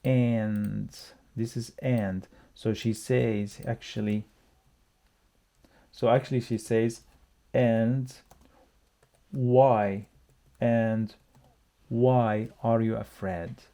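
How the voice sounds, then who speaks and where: A man teaching a language lesson online, patiently repeating each word slowly for learners. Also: mid-range voice, fairly even intonation, warm tone.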